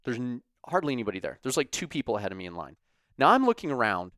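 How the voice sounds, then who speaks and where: A man telling a casual, animated story, sarcastic and full of profanity. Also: mid-range voice, very fast, dry recording, clean studio sound.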